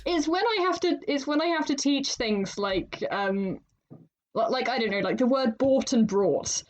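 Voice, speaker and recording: A woman's voice: high voice, moderate pace, lo-fi sound. A woman co-hosting a writing podcast in casual chat, laughing often. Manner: laughs often, chatty and animated. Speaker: podcast co-host.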